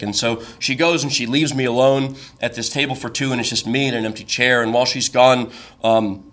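A man's voice: medium pitch, fairly quick. Self-deprecating young man telling a story. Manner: self-deprecating, deadpan asides. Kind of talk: comedic personal storytelling on stage.

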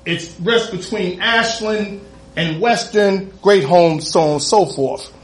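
High-voiced man telling a comic story on stage. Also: takes it slowly, roomy sound. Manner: animated, comic, profane asides. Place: stage in a venue.

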